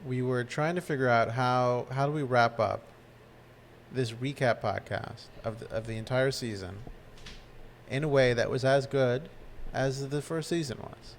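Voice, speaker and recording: A podcast co-host chats casually in a recap, retelling a favorite scene as animated storytelling full of restarts and fillers. His mid-range voice is unhurried with vocal fry, and there is slight background noise.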